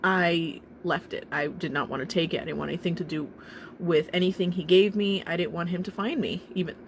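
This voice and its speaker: A young woman telling a painful personal story in a halting, emotional way, with nervous laughs and restarts. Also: lowish voice, fairly even intonation, slight background noise. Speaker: vlogger telling her own story.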